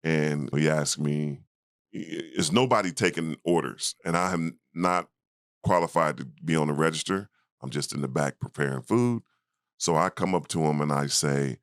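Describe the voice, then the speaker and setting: Very deep-voiced man telling a lively story. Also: moderate pace, dry recording, clean studio sound. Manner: animated storyteller who acts out the people in his story. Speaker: guest, former basketball player. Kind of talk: storytelling in a casual interview.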